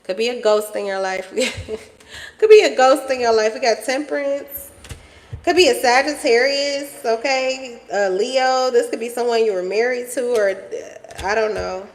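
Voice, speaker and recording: A woman's voice: fairly high pitch, a little slow, long reverb tail. A woman giving a casual collective tarot reading, chatty and playful, laughing often and swearing freely. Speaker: tarot reader.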